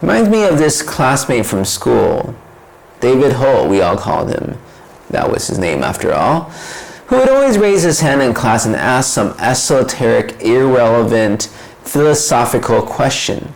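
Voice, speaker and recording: A man's voice: medium pitch, very animated, a little slow, gravelly, low-quality recording. A man giving a casual, reflective monologue as a vlogger, wandering into side stories and asking rhetorical questions. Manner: conversational, digressive with rhetorical questions. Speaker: vlogger explaining ideas.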